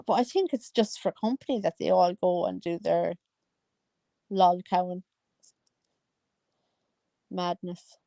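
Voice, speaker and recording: A woman's voice: on the low side, takes it slowly, gravelly, long pauses, warm tone, dry recording. A woman, gossiping casually about online videos and exclaiming often. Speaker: commentary vlogger. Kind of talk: casual chat.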